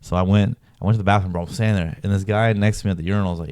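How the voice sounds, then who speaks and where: A man's voice: sits low, fairly even intonation, very fast, darkish tone, no room sound, clean studio sound. A young man telling a story in a rambling, slangy way, peppered with "bro" and "like". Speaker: vlogger. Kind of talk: casual storytelling.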